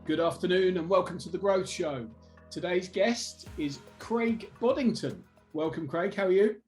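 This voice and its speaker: A podcast host runs a business interview show in a casual chat, easygoing and jokey, often restarting his sentences. His voice sits high and a little mellow at a normal speed, with faint music playing behind him.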